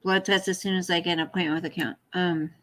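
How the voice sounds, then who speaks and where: A woman's voice: on the low side, fairly even intonation, quick pace, fairly bright tone. A woman hosting a casual livestream from home at night, chatty and apologetic, cooing at her pet in between. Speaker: livestream host.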